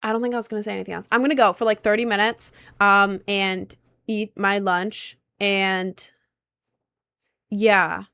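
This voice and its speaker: A young adult woman livestreaming in a casual, rambling chat, giving frank and animated advice with many fillers. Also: medium pitch, moderate pace, vocal fry, clean tone, dry recording, studio quality. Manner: chatty and rambling, heavy on filler words.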